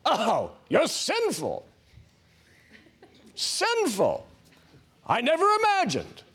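Guy putting on a high shrill shocked god voice, gasping and scolding, prim. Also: huge pitch swings, very slow, a bit bright, husky, exaggerated voice. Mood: scandalized. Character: shocked, scandalized prim male deity scolding.

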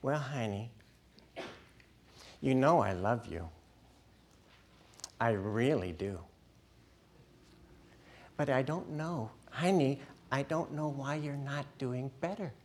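A man voicing a distant, demanding parent who whines and nags, his husky voice climbing high. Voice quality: whiny, nagging. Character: whiny, never-satisfied demanding parent.

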